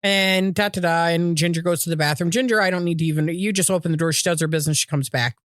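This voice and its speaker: A woman's voice: on the low side, fast, dry recording, clean studio sound. Swearing, rambling woman podcast co-host. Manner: rambling storyteller, swears freely, acts out voices. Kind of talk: casual chat.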